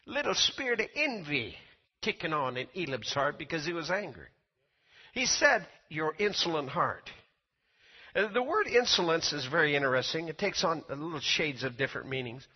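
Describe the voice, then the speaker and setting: A man preaching a sermon, reading scripture and building to emphatic, loud peaks. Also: mid-range voice, breathy edge. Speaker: pastor. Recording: dull lo-fi recording.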